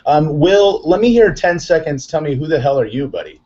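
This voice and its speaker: Upbeat excitable male show host. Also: fairly high pitch, fairly quick, highs cut off. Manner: excitable, upbeat, rambling with fillers. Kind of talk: live online chat show.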